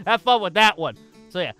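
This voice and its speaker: A man's voice: high voice, bright, forceful tone. A man casually commentating while he plays a video game, rambling and thinking aloud with frequent restarts. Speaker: gaming channel host.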